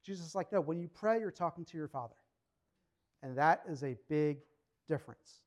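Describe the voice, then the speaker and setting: A man's voice: a little high, brisk. A man pastor preaching a sermon in a conversational way, often acting out the voices of the people he quotes.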